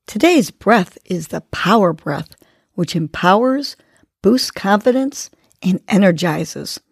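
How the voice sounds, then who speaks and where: A woman's voice: on the low side, animated, takes it slowly, vocal fry, husky, no echo, studio quality. A woman hosting a podcast, guiding a breathing exercise and giving encouraging, coaching words. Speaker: podcast host. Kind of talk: guided breathing and motivational talk.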